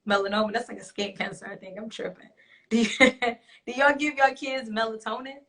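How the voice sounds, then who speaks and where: A young woman hosts a talk show. She has a bright, forceful voice and talks bluntly, swearing and laughing often with her audience. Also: a little high, steady tone, fairly quick. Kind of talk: casual chat to a live audience.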